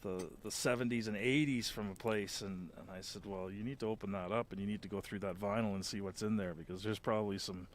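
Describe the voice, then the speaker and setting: A man's voice: on the low side, fairly even intonation, fast, hardly any pauses, a little hiss or hum. A man hosting a casual studio chat, telling stories in an easygoing, rambling way. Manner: easygoing, rambling, many uh fillers. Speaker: host. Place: recording studio.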